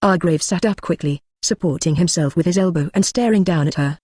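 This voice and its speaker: An audiobook narrator reading a fantasy romance in a steady, even voice. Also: medium pitch, fairly quick, slightly rough, no room sound. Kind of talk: steady read-aloud narration.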